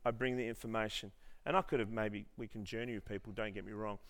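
A man's voice: on the low side, steady tone, quick pace, a bit bright. A man preaching a sermon, telling a story with many restarts and then leading the congregation in earnest prayer. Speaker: pastor.

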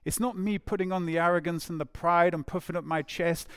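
Man, preacher, sermon, earnest, repeats phrases, higher voice, dry sound. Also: fairly even intonation, brisk, few pauses, clean tone, no echo.

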